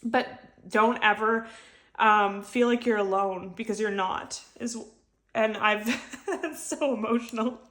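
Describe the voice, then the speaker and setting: A woman's voice: mid-range voice, little pitch movement, a bit bright. Earnest woman giving a tarot reading. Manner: earnest, emotional, repeats phrases, slows on key words. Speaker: tarot reader. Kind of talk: intuitive tarot reading to the camera.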